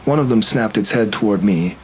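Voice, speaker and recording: A man tells a first-person horror story in a steady, tense way. His voice sits fairly low, and a faint hum lies under the recording. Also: fairly quick, poor audio. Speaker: narrator.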